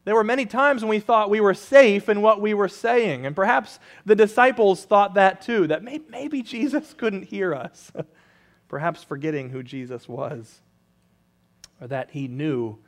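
Guy pastor giving a sermon, pretty high voice, reads a rhyme story then chats through the passage. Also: lively intonation, unhurried. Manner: storytelling, rhythmic rhyme reading then conversational preaching.

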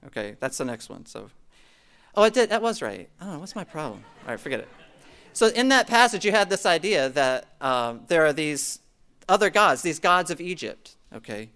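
Teaching from scripture, a middle-aged pastor speaks at a moderate pace in a fairly high, smooth voice that's very animated, pushed and bright. His sermon is conversational, dotted with "okay?" check-ins and remarks to the congregation.

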